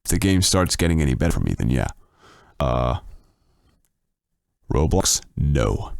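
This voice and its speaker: Gravelly man through a deep voice changer. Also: sing-song, measured pace, darkish tone, no echo, clean studio sound. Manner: crude joking, reading comments aloud. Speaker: streamer. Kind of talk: casual livestream reading chat.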